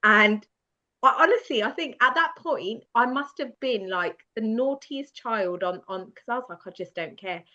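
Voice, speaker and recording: Lively storytelling woman on a dull lo-fi mic. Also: on the high side, moderate pace. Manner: lively, self-mocking, often laughing. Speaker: podcast guest. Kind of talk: animated personal storytelling. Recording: dull lo-fi sound.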